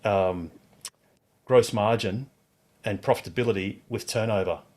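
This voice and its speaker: Aussie co-host breaking stuff down calmly, lowish voice. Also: male voice. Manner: measured, analytical. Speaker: podcast co-host. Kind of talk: casual chat.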